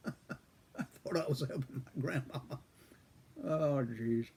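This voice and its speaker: An older man telling a folksy childhood story, husky with a frog in his throat, chuckling often. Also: medium pitch, steady tone, measured pace, a little mellow. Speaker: pipe-smoking storyteller. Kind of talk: casual storytelling.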